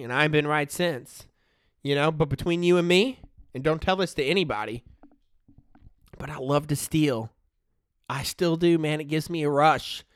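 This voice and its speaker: A man's voice: a little high, fairly bright tone, clean tone, no room sound, clean studio sound. A man in his thirties telling a comic story in a slangy way, checking in with the listener all the time. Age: 30s.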